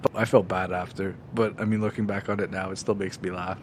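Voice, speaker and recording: A man's voice: low voice, little pitch movement, fast, slight background noise. Laid-back man podcast co-host. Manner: laid-back, gives short agreeing replies, swears casually. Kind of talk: casual chat.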